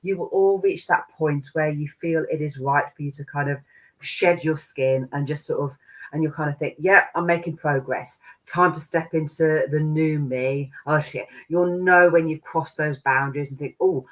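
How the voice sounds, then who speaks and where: A woman channels spirit guides in a loose, meandering way. Her talk keeps slipping into chanted light-language syllables and easy laughter. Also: deep voice. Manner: rambling, laughs often, drifts into chanted syllables.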